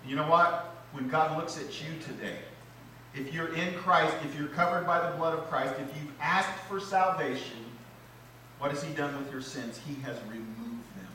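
A man, a pastor, preaching a sermon in a church, swinging between loud, rising lines and low, quiet emphasis. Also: fairly even intonation, normal speed, a little hiss or hum. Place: church sanctuary. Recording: echoey church hall, mic at a distance.

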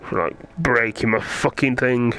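A man's voice: mid-range voice, steady tone, a little slow, pushed and bright. A man playing a video game who keeps muttering and swearing in frustration as he searches for something. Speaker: gamer playing through a VR game. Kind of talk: angry gameplay commentary.

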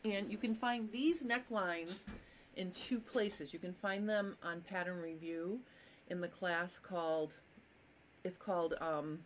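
A woman's voice: on the low side, measured pace, a little hiss or hum. A woman with hiccups hosting a casual live sewing lesson, chatty and apologetic, greeting viewers by name. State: has hiccups. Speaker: sewing teacher and live stream host.

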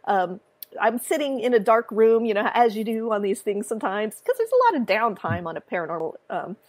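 Sing-songy lady author chatting, bit high voice, lively storytelling. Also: a little fast. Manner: sing-song, animated storytelling. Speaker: author guest. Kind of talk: casual chat.

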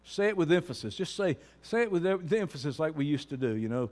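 A man preaching a sermon as pastor, moving from quiet talk to shouting. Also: on the high side, big pitch swings, fast, few pauses, in a large hall.

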